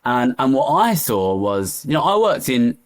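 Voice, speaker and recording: This East London man has a mid-range, sing-song voice and a measured pace. He's an economist guest giving candid interview talk, passionate and given to repeating phrases for emphasis.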